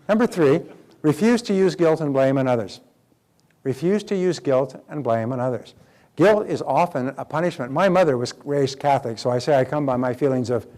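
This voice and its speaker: A middle-aged man delivers a motivational seminar lesson in an emphatic, lively way. He voices little scenes of dialogue to make his points. His pitch sits in the middle for a man. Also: moderate pace. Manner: emphatic, acts out quoted dialogue. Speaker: self-development speaker.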